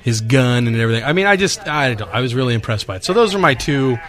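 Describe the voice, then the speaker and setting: A man co-hosting a podcast, reviewing comic art in a relaxed, rambling way. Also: medium pitch, fast. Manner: relaxed, rambling, many fillers and restarts. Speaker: podcast co-host. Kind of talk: casual comic book review.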